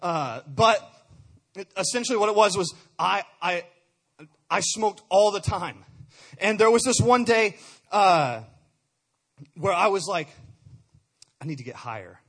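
A man's voice: sits high, a little slow, pauses often. A young man giving an earnest personal testimony, often stumbling over repeated words. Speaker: speaker sharing a testimony.

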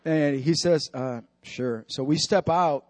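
A man preaching and telling a story in an animated way, acting out what was said and dropping to a hush for the serious parts. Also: fairly high pitch, takes it slowly, no echo. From Dominican Republic. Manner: animated, acts out quotes with dramatic drops to a hush. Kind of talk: sermon storytelling.

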